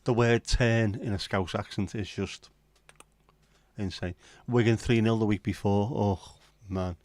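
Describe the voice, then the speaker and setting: Streaming late at night from home, this middle-aged host chats with viewers, rambling and swearing as he goes. He speaks in a lowish, darkish voice at a measured pace and steady tone, with no room sound.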